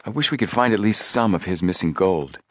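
A man reading the part of an eager, excitable teenage boy detective in a storybook. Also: deep voice, brisk, a little hiss or hum. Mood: calm.

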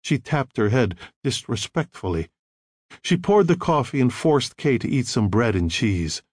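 A man narrating an audiobook with expressive storytelling. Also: medium pitch, a little slow, breathy edge, no room sound, studio quality.

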